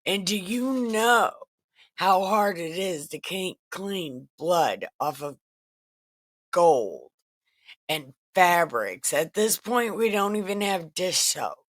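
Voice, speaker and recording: A woman's voice: fairly low pitch, animated, takes it slowly, no room sound. A woman host retelling Bible stories in a casual, profane, wisecracking way, recorded in a makeshift home setup. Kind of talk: casual irreverent storytelling.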